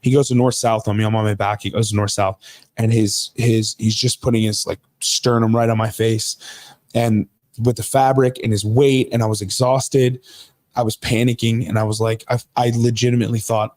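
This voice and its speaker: A man's voice: on the low side, steady tone, moderate pace, a little mellow, no echo. A man in his thirties, a podcast guest, telling a personal story in an earnest, casual way, often restarting his sentences. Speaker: podcast guest, jiu-jitsu coach.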